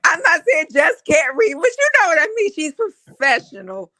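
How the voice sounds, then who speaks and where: A woman co-hosting a casual reaction stream, talking in a hesitant, halting way and laughing often. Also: high-pitched, wildly swooping pitch, pushed and bright.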